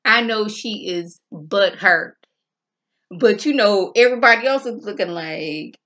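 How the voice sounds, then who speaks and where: A woman casually recapping a TV episode in an animated, colloquial way, acting out the characters' lines. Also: mid-range voice, moderate pace. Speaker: TV show reviewer.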